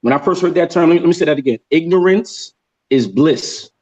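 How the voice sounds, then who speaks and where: A man on a casual livestream panel, talking emphatically, repeating key phrases and slowing down to stress sayings. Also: a little high, darkish tone. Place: in a jungle. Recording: dull lo-fi sound.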